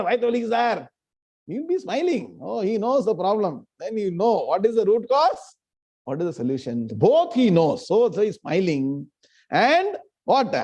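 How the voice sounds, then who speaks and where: A man teaching a live scripture class, chanting verses slowly and questioning his students. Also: sits high, a little mellow. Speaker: Gita teacher.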